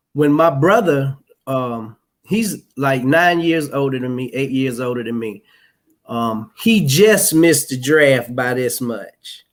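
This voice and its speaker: A man talking as a guest in a casual chat, telling a story slowly with many ums and restarts. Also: medium pitch. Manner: slow, halting, clears throat, many fillers.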